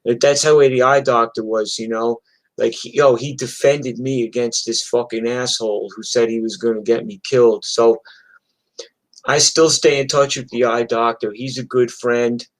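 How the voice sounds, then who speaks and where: A man from New York tells wild stories from his past in a loose, swearing rush. He acts out the blows and shouts as he talks. His voice sits at an ordinary middle pitch. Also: normal speed. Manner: profane, animated street storytelling. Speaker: host telling stories. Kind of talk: casual storytelling. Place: streamed from home.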